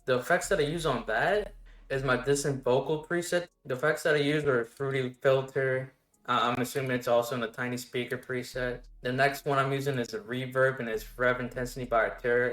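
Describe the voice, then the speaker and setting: A man casually walking through his production steps one by one in a relaxed tutorial, with the odd filler word. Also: mid-range voice. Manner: relaxed step-by-step explaining with fillers. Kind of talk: casual screen-recorded tutorial. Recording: roomy echo. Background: faint music playing.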